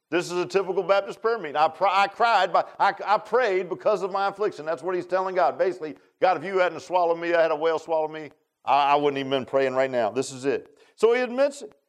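A man delivers a folksy sermon. His voice sits a bit high for a man. He swings from loud, emphatic stretches down to low, quiet lines. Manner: folksy, animated preaching with shifts from loud to low. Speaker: preacher.

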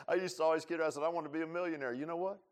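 A male pastor preaching a sermon, repeating himself and swinging from quiet, confiding lines to loud, fervent peaks. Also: fairly high pitch, racing. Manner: repeats words and restarts, folksy asides.

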